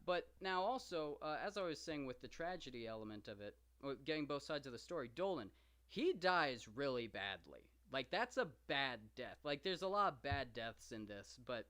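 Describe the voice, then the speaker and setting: A man's voice: medium pitch, fairly bright tone. A man hosting a live stream, talking casually and enthusiastically about an ancient epic, rambling with many fillers and asides. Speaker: podcast host reading and discussing the Iliad.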